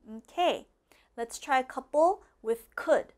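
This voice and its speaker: A patient woman teaches English at a deliberately slow pace, saying each phrase twice and checking in often. Her voice sits a little high. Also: lively intonation, a little mellow. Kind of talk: slow classroom explanation. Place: classroom with a board.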